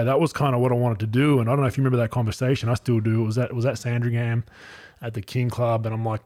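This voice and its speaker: A man's voice: medium pitch, fairly even intonation, fast talker, mellow. A man who once played basketball, chatting casually and bluntly, swearing freely. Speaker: former basketball player, guest. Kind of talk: casual chat.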